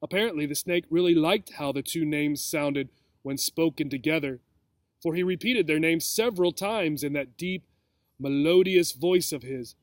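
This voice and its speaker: A man's voice: a little high, normal speed, no room sound. Man reading a children's book aloud. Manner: expressive storytelling. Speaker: reader.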